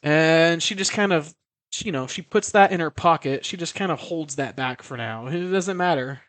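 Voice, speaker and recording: A man with a fairly high voice casually walks through a horror film's plot. He rambles, swears freely and keeps correcting himself, trailing off with shrugs. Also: moderate pace, fairly bright tone, no room sound. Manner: rambling, profane, self-correcting. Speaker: film recapper. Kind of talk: casual film recap.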